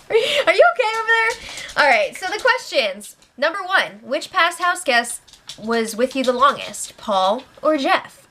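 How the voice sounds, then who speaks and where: A chatty woman hosts a casual recap of a reality show and keeps it loose and giggly. Her voice sits a little high, and she slips in sarcastic asides as she runs through the news. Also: bright, forceful tone.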